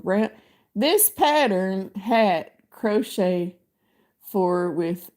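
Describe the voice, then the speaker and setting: Woman crochet host just chatting along, slow and rambly, lots of ums and likes. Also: fairly low pitch, mellow. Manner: rambling and chatty, many fillers, reads pattern text aloud. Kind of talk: casual chat while crocheting live.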